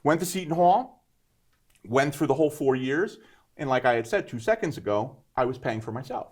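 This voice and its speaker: A man in his fifties, a guest entrepreneur, telling his story in a casual, animated interview and often checking in with "right?". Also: medium pitch, normal speed, breathy edge. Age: 50s. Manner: animated, emphatic, keeps adding "right?".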